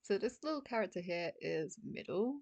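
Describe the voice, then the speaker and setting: A woman's voice: lowish voice, lively intonation, moderate pace, creaky, darkish tone, no room sound. Chatty young woman teaching vocabulary. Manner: chatty, giggly, explains words step by step. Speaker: Japanese teacher. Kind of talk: casual online lesson.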